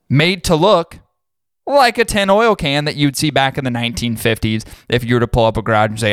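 A man's voice: mid-range voice, moderate pace, fairly bright tone, clear, resonant tone, dry recording, clean studio sound. A man co-hosting a podcast, heatedly ranting with lots of swearing in a casual talk style. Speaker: podcast co-host.

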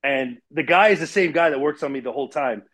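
A man in his forties telling a personal story in casual interview talk, animated and full of fillers, acting out the voices of others. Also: fairly high pitch, fast talker. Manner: animated, acts out quoted voices, many fillers. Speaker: guest.

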